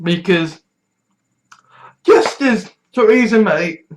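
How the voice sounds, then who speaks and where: Young British vlogger, slow heated delivery, sarcastic, swears a lot, stuffy-nosed, mid-pitched. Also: animated, a little hiss or hum, poor audio. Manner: swears freely, heated and sarcastic, rising to shouting. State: stuffy nose. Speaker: political vlogger. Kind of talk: ranting political vlog.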